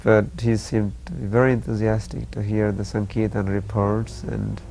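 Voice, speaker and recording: A man recounting memories in an interview, measured and plain, with frequent fillers. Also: lowish voice, little pitch movement, creaky, warm tone, slight background noise. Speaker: former disciple recalling memories. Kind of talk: reminiscing interview.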